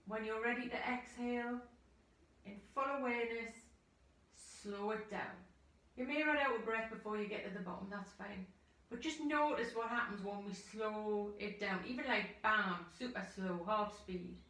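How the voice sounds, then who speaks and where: Soft-spoken woman guiding yoga breathing. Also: mid-range voice. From United Kingdom. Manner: slow, soothing cues with audible sighing breaths. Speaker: yoga teacher. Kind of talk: guided yoga instruction. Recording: echoey room, voice from far off the mic.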